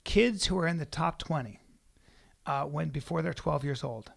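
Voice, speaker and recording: A man co-hosting a podcast in casual chat, animated and profane, breaking into loud mock rants. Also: on the high side, normal speed, gravelly, slightly rough. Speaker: podcast co-host.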